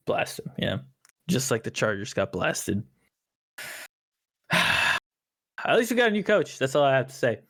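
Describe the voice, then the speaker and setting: A man co-hosts an anime podcast in loose, joking chat. His pitch swings widely as he teases his friend and swears offhandedly. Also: slow, creaky, pauses often. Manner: animated, joking, swears casually. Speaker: podcast co-host. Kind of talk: casual chat.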